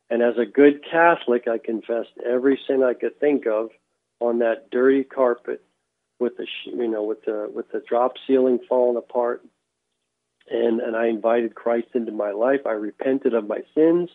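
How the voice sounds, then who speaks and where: A man, a former baseball player, telling his faith testimony as a radio guest, halting and repeating words as he restarts. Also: mid-range voice, steady tone, vocal fry, no echo. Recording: tinny phone line.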